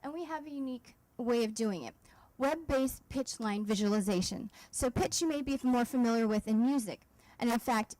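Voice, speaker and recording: A woman presenting her startup at a demo day pitch, explaining her product step by step with frequent fillers and restarts. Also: a little mellow, no room sound, rough recording. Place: event stage.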